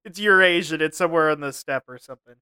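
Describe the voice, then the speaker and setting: A man's voice: a little high, fast, sharp tone, smooth, no echo. A man co-hosting a comedy podcast, laughing often and ranting in mock seriousness. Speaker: podcast co-host. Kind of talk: casual comedy chat.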